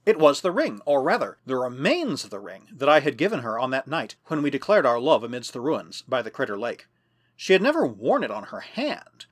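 A man narrating a first-person adventure novel as an audiobook, in a measured, expressive storytelling manner. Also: mid-range voice, husky.

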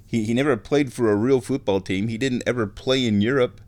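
A man at home, ranting and giving casual opinionated commentary on a football match, often clearing his throat. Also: mid-range voice, fairly quick, darkish tone. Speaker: fan watching a football match.

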